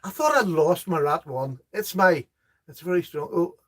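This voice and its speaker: Middle-aged man, high-pitched, casual live-stream host, reads comments out and chuckles at the jokes. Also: lively intonation, normal speed, a bit bright. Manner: chatty, laughs at jokes, reads viewer comments aloud. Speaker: host of a live knife chat.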